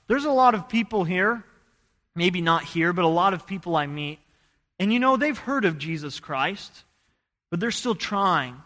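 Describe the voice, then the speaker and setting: Man from idaho preaching, high bright voice, story-telling, echoey church hall. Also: expressive, unhurried. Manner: earnest storytelling, rising to loud urgent bursts. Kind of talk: sermon with personal story.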